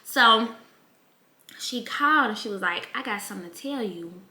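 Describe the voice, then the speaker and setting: Young woman, bright voice, candid vlog storytelling in a roomy space. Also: medium pitch, normal speed. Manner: candid, emotional, animated quoting of relatives. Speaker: vlogger. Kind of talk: casual storytelling. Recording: echoey room.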